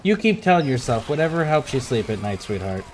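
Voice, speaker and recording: A man's voice: medium pitch, sing-song, brisk, a little hiss or hum. Profane, ranting man on a game stream. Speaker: livestream gamer. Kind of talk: casual gaming livestream chat.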